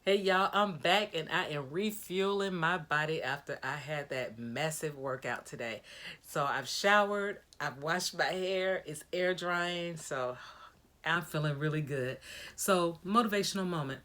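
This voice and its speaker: A woman's voice: sits low, a little slow, fairly bright tone. A woman vlogger talking casually to her viewers in a video diary, giving an upbeat, preachy pep talk.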